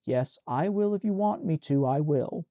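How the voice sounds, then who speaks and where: A man voicing a quiet, troubled teenage girl in an audiobook, with soft, subdued replies. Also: a little high, expressive, normal speed, no echo, clean studio sound, close to an everyday voice. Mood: hushed. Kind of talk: audiobook character voice.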